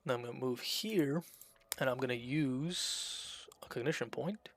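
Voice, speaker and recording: Chatty man with a gravelly voice. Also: mid-range voice, a little slow, dry recording. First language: Russian. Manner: chatty, thinks aloud, frequent fillers. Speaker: game streamer. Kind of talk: casual gameplay commentary.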